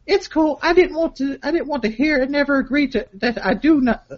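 A man voicing a curt, evasive young woman in a falsetto, with clipped replies. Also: a little fast, dull audio, close to an everyday voice.

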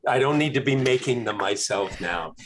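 A man, a guest author, chatting casually on a call in a relaxed, halting way with many fillers. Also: mid-range voice, over a noisy crowd. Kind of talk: casual video-call chat.

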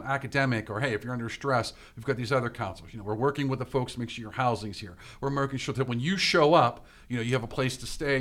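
A man's voice: medium pitch, a bit bright. A man co-hosting a casual chat, asking follow-up questions and using lots of fillers. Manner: probing, asks follow-up questions, uses many fillers. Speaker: podcast co-host.

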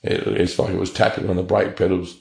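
A man's voice: low voice, flat delivery, brisk, vocal fry, a little mellow. An Australian man telling his personal story in an interview, blunt and earnest, with plenty of slang. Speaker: interview guest. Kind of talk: personal testimony. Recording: echoey room.

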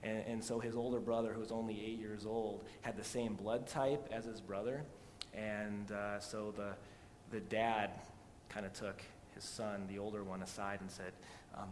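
A man preaching a sermon as pastor, moving from loud emphatic passages to quiet storytelling. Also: little pitch movement, moderate pace. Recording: long hall reverb with faint rumble.

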